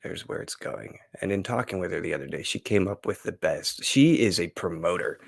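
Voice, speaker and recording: A man's voice: deep voice, expressive, fairly quick, vocal fry, no echo. A man hosting a casual solo live stream, rambling and gushing with lots of fillers and restarts.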